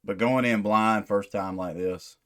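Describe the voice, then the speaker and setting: Deep-voiced man thinking aloud. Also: steady tone, measured pace, fairly bright tone. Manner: rambling, thinks aloud with many restarts. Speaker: music reaction channel host. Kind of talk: casual reaction commentary.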